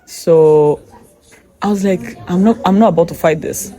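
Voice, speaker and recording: Female guest, mellow voice, animated storyteller who quotes herself in conversation. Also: lowish voice, normal speed.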